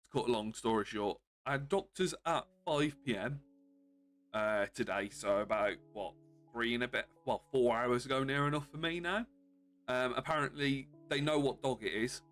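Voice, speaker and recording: Calm, sore man chatting. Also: medium pitch, normal speed, faint music behind. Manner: subdued, calmer than usual, with frequent chuckles. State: sore from bruised ribs. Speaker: game streamer. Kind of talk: casual live-stream chat.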